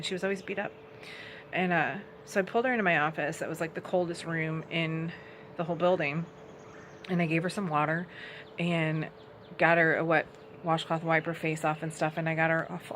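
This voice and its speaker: Brief: low-pitched young woman, earnest conversational faith testimony. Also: a bit bright, slight background noise. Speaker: outreach ministry founder.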